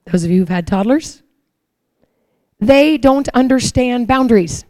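Woman preacher, warm mellow voice, dry close sound, acts out little scenes as she talks. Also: a little high, unhurried, no echo. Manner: animated storytelling, acts out her own prayers and God's replies. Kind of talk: sermon.

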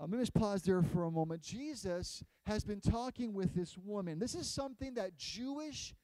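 A high-voiced male pastor preaching to his congregation. He retells the story with lively acted-out quotes, getting loud and then dropping low. The sound is dry and close. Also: no echo, rough recording. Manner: animated storytelling, acting out quotes in shifting loudness. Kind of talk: sermon.

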